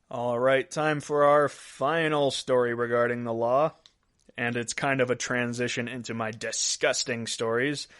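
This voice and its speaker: Man, podcast host, casual news chat, jokey, laughs a lot, mid pitch. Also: fairly bright tone. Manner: jokey, laughs at his own stories.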